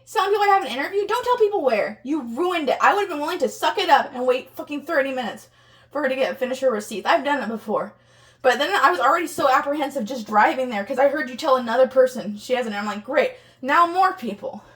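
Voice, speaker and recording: A woman's voice: sits high, expressive, fast talker, distant mic. A young woman in a heated argument, agitated and close to tears, swearing as she rants. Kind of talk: heated argument filmed on a phone.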